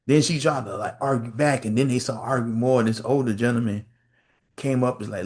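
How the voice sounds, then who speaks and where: A male podcast host telling a story in a casual, animated rant, repeating phrases and acting out quotes. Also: medium pitch, a little fast. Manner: animated storytelling with lots of repetition and acted-out quotes.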